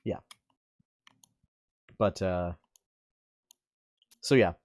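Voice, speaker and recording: A man's voice: sits low, drawn-out words, darkish tone. A man co-hosting a podcast, chatting casually about video games with many fillers and restarts. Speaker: podcast co-host.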